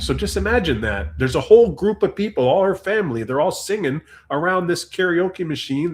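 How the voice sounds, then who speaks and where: A man hosting a long livestream, telling a rambling story in casual chat. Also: on the high side. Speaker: livestream host. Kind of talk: casual live stream chat.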